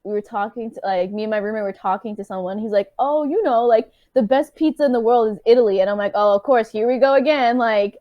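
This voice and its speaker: A woman's voice: fairly high pitch, steady tone, quick pace, few pauses, dry recording, lo-fi sound. A woman from New York co-hosting a podcast, telling stories in a sassy, emphatic way. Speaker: podcast co-host. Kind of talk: casual chat.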